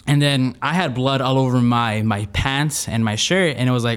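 A man's voice: mid-range voice, brisk, few pauses, smooth. A young man telling a funny personal story in a casual, rambling way, with lots of restarts. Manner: rambling, many restarts, animated retelling. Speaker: storyteller guest.

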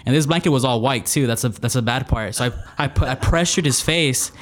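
A man's voice: medium pitch, fairly quick. A young man telling a funny personal story in a casual, rambling way, with lots of restarts. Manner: rambling, many restarts, animated retelling. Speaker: storyteller guest.

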